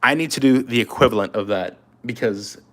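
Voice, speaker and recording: A man's voice: mid-range voice, fairly quick, a bit bright. A man chatting casually on a live stream, loose and talkative, answering comments while he works. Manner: loose and chatty, talking to chat while drawing.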